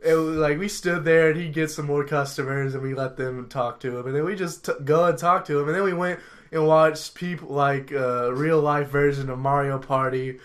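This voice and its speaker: Young man, podcast co-host, casual chat, rambling, laughs often, slightly high pitch. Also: fairly even intonation, normal speed. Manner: rambling, laughs often, trails off mid-sentence.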